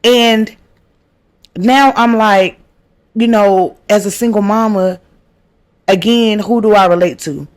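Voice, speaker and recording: A woman's voice: medium pitch, takes it slowly, pauses often. A woman hosts her own podcast and tells a heartfelt faith testimony. She talks earnestly, repeats phrases for emphasis and speaks to her listeners as y'all. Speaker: podcast host.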